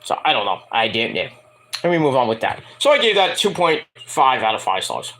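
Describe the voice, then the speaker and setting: Bright-toned man ranting casually. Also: medium pitch, big pitch swings, brisk. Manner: rambling, profane, mocking rants. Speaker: wrestling show reviewer. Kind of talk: casual review vlog.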